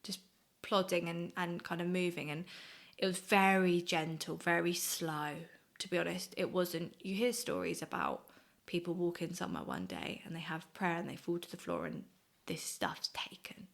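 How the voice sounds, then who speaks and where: A woman, sharing a personal faith testimony in an earnest, reflective, halting way. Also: fairly low pitch, creaky. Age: 20s. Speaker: guest sharing her faith story.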